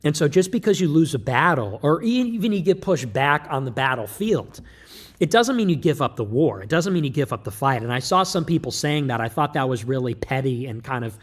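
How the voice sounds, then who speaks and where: A man giving a rambling livestream monologue, breaking off mid-thought and starting again with quick asides. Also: fairly high pitch, expressive. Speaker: political streamer.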